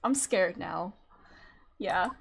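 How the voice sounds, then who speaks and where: A woman streaming a game, chatting casually in an excitable, giggly way and quick to apologize. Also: fairly low pitch, vocal fry, husky.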